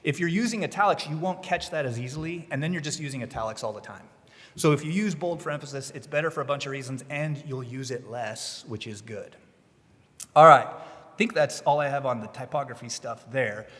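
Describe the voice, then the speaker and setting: A man's voice: medium pitch, fairly quick, fairly bright tone. Man giving a talk in a reverberant hall. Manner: conversational, explanatory, emphatic advice. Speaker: legal writing presenter. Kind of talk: conference talk. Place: conference room. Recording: long reverb of a conference hall.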